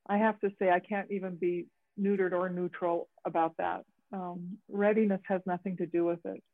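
A woman's voice: lowish voice, level tone, dry recording. Woman teaching over tinny call audio. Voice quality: halting, with many fillers and restarts. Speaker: group facilitator and therapist. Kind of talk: teaching on a group video call.

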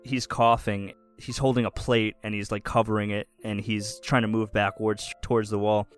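Casual game master narrating. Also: male voice, lowish voice, level tone, normal speed, soft background music. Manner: casual, with chuckles.

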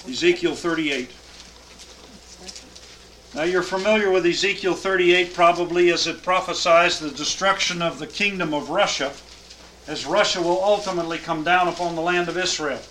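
Man, Bible teacher, higher-pitched voice, emphatic scripture reading, faint hiss behind. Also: normal speed, fairly bright tone, poor audio. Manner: reads scripture aloud with emphatic cadence, then explains.

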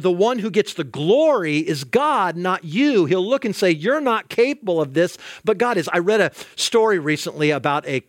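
A male pastor preaching a sermon in an animated way, acting out quoted voices and often repeating words as he starts a sentence. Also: a little high, no room sound, studio quality.

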